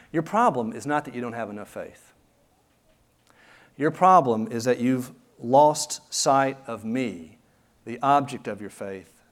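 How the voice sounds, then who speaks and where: A man delivering a sermon in an earnest, conversational way, speaking straight to the congregation and leaning on rhetorical questions. His voice sits at an ordinary middle pitch for a man. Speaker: pastor.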